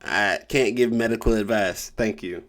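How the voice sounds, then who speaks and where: A man gives a casual tarot reading, rambling and joking around and stumbling over passages he reads aloud. His voice is lowish and moderately paced, with a little hiss or hum in the recording.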